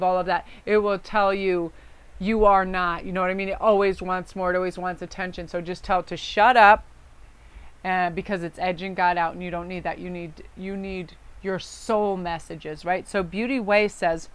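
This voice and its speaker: A woman's voice: fairly low pitch, fairly even intonation, moderate pace, clear, resonant tone. Chatty woman giving an upbeat card reading. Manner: effusive, chatty, reads card texts aloud. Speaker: tarot card reader. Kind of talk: casual spiritual card reading.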